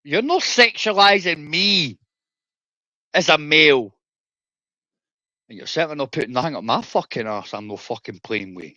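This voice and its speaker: A man with a broad Edinburgh accent holds forth in a profane, confrontational rant, swinging between loud outbursts and low mutters. His voice is hard-edged and forceful, with a lively pitch. The stream audio is dry and muffled, with no room sound. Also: moderate pace, pauses often, no echo. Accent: Scottish, Edinburgh. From Scotland. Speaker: streamer, former soldier. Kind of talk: ranting livestream monologue.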